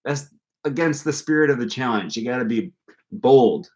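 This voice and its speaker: A man's voice: medium pitch, animated, moderate pace, darkish tone. A young man hosting a casual livestream about language learning, talking in an upbeat, encouraging way and rambling with many fillers. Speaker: language-learning channel host.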